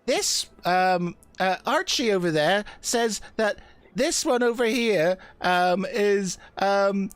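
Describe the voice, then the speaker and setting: A fussy, scolding old woman who looks after a house of children, put on by a man running a tabletop game. Her voice sits high above his usual speech and is dry and close. She fusses and questions in a raised tone. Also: lively intonation, slow, clear, resonant tone, no echo.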